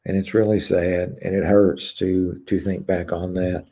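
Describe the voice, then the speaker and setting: A man hosts a live stream and chats with viewers in a slow, halting way, full of pauses and fillers. His voice is deep, dark and gravelly. He speaks frankly and personally. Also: flat delivery. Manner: hesitant, many pauses and filler words; candid and confessional. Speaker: YouTube channel host. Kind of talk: live stream chat, reading viewer comments.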